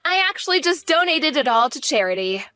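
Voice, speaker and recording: A woman's voice: sits high, big pitch swings, a little fast, sharp tone, no echo, clean studio sound, full character voice. A woman voicing a blunt young wife who speaks in a cutting, direct way. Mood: cold.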